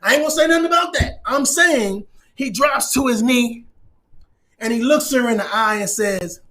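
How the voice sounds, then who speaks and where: A man performing an animated comedic monologue, shouting and preaching his story with laughing asides. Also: extremely high pitch, moderate pace.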